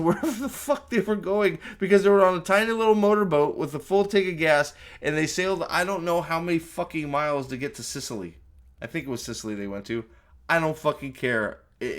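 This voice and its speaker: Exasperated, profane man ranting about a movie. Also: on the high side. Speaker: movie reviewer. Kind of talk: ranting spoiler review.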